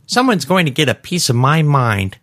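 A man's voice: fairly high pitch, very animated, normal speed, fairly bright tone, no echo, clean studio sound, voice pushed up. A man voicing an imperious, short-tempered older woman in a storybook reading, speaking in a haughty, demanding manner.

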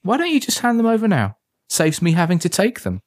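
A man's voice: sits high, wildly swooping pitch, fairly quick, no echo, pitched above the performer's own voice. A man voicing a smug schoolboy bully who taunts his victim. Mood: taunting.

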